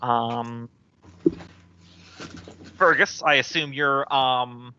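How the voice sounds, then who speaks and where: A man's voice: medium pitch, drawn-out words, bright, forceful tone, lo-fi sound, a little hiss or hum. A man narrating a tabletop game as game master, hesitant with many ums and restarts.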